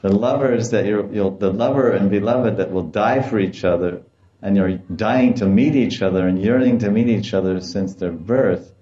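Man giving an animated devotional talk. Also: lowish voice, moderate pace, roomy sound, muffled recording. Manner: animated storytelling, acts out quoted voices with laughter. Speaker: spiritual teacher. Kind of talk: devotional lecture.

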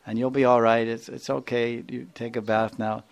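A man's voice: medium pitch, flat delivery, moderate pace, creaky, natural voice. A man voicing a worried, doting village mother who fusses and coaxes. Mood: coaxing. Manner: fussing, coaxing.

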